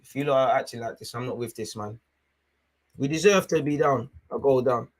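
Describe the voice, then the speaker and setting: Hosting a live football watchalong, a young fan talks briskly and excitably. He shouts at the referee, then sinks to low mutters in between.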